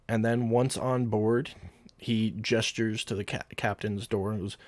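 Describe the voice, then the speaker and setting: A man narrating as game master in a relaxed, casual way, with filler words. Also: on the low side, measured pace, no echo.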